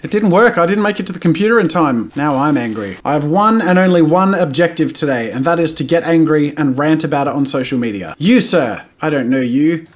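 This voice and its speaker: A man giving casual, jokey commentary while playing a life-sim game, swinging from loud outbursts to low muttering. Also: lively intonation, fairly quick, few pauses. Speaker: gaming YouTuber. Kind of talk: casual let's-play commentary.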